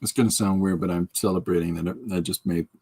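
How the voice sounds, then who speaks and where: Talking fast in a low, husky, slightly mellow voice with a steady tone, a man hosts a casual podcast livestream as he draws. He rambles and jokes, reading out comments from viewers and responding to them.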